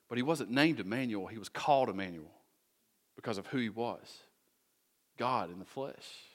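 Guy preaching, chatty sermon, lots of who-can-do-this questions, middle pitch. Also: a bit bright. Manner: conversational, rhetorical questions, folksy asides. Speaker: pastor.

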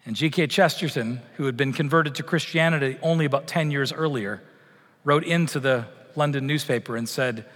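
A man's voice: medium pitch, moderate pace. Man preaching a sermon in a reverberant hall. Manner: storytelling, animated when acting out quotes. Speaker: pastor.

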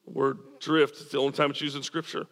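A man's voice: mid-range voice, level tone, quick pace, a bit bright, big-room sound. A man preaching a sermon as pastor, earnest and emphatic, repeating words as he drives points home. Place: church.

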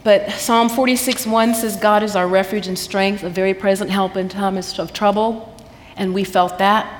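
At a church women's event, a guest with a Southern accent from the American South tells her personal testimony from the heart, laughing easily and citing scripture. Her pitch is medium and her intonation fairly even, at a normal speed, captured in an echoing hall with a little background noise.

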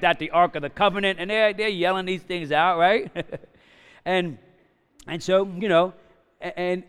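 A fifty-something man preaching from the pulpit, his voice sitting a little high for a man. He talks in a loose, conversational way and keeps checking in with his listeners. A long reverb from a large church hall trails behind every word. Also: fairly bright tone, clear, resonant tone. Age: 50s. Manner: conversational storytelling, frequent "right?" and "you know?". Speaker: pastor. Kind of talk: sermon.

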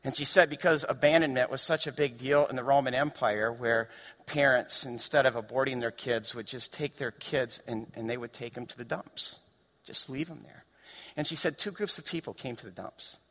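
A man preaching a sermon as pastor, storytelling and building to impassioned shouts. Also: medium pitch, moderate pace. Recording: long reverb of a large hall.

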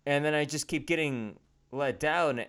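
A man's voice: fairly high pitch, unhurried, fairly bright tone. Earnest man on a faith podcast. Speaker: podcast co-host. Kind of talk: casual faith podcast chat.

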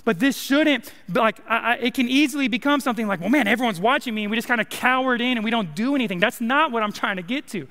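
Young male preacher, smooth and high, in a reverberant church hall. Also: fast talker, few pauses, pushed and bright. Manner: casual, joking preaching with many likes and rights. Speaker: college minister. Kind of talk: sermon. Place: church sanctuary.

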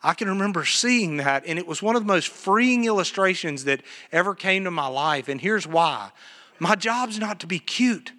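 Speaking high and animated at a moderate pace, this pastor sounds pushed and bright, his words ringing out in a long reverb. He is preaching live in the church sanctuary over a PA microphone, an earnest storyteller who questions his listeners.

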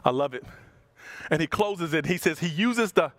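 Animated man preaching a lively sermon. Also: moderate pace. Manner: animated, acts out quoted voices, big swings in pitch and loudness. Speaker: pastor.

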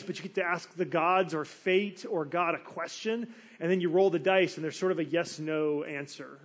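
A man preaching a sermon, telling a story with animated, acted-out quotes. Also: on the high side. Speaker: pastor.

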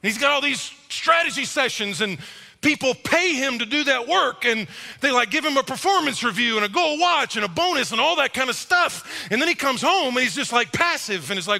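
A middle-aged male pastor preaching a sermon in a church, animated and acting out quick quoted voices. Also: extremely high pitch, creaky. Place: church auditorium. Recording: reverberant church hall.

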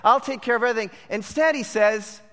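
Brief: male preacher, high and bright, emphatic, long hall echo. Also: brisk. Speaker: pastor. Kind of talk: sermon.

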